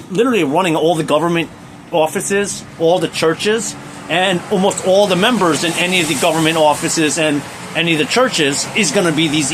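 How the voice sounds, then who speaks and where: Rambling, emphatic man, somewhat high voice. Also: background noise. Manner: emphatic, repetitive, full of restarts and fillers. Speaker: vlogger. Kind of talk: rambling monologue.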